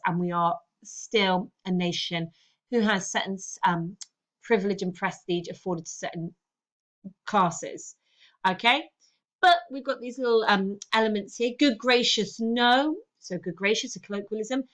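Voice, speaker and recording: A woman teaching a lesson, talking through a text and often saying "okay". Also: medium pitch. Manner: lively, talks through a text with frequent "okay"s. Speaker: English teacher. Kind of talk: recorded online lesson.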